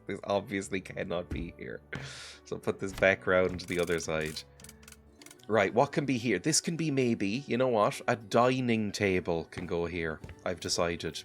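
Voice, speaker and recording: Sick man rambling through game commentary. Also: low-pitched. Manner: rambling, self-mocking, chuckles often. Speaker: gaming video host. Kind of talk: casual let's-play commentary.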